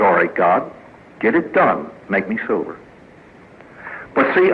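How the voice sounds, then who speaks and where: At a recovery meeting, a male priest with a mid-range voice gives a humorous inspirational talk. He tells stories that land on punchlines and voices the people in them. It's a tinny lo-fi archive recording with faint hiss.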